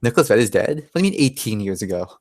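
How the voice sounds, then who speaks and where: A man's voice: fairly low pitch, very animated, very fast, dry recording. A man voicing a bewildered middle-aged storybook villager who has slept for years, asking flustered, rising questions.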